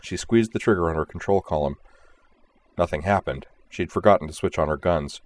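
A man narrating an audiobook in a steady, even storytelling manner. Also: low-pitched, fairly quick.

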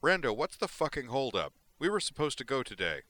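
A man voicing a hot-tempered male mercenary squad leader who swears a lot and talks loudly and impatiently. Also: low voice, animated, moderate pace, full character voice. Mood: angry.

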